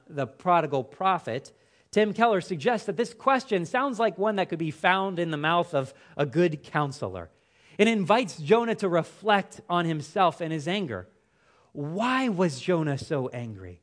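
A man preaching a sermon, with an expressive, emphatic delivery whose phrases fall away at the ends. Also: on the high side, normal speed.

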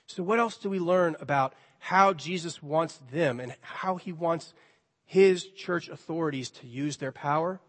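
In this sermon, a man with a high, somewhat bright voice speaks a little slowly, his tone conversational and gently playful. The pastor takes on the voices of the people in his story. The church hall gives him a long reverb.

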